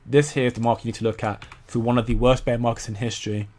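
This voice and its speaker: A man's voice: medium pitch, little pitch movement, very fast, a little mellow, a little hiss or hum. A young man hosting a casual crypto commentary stream, rambling with many stumbles and repeated words while reading viewer comments. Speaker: crypto channel host.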